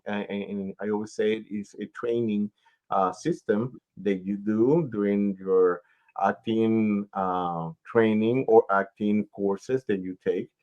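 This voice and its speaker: Through dull audio comes a lowish male voice: a radio interview host who doubles as a talent manager. He speaks slowly and casually, advising and explaining at great length.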